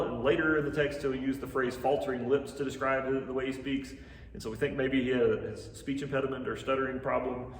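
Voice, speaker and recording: A man's voice: medium pitch, fairly even intonation, fairly quick. A man in his thirties teaching a Bible class, retelling the story in a casual, conversational way with asides. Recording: echoey hall from far off, faint noise.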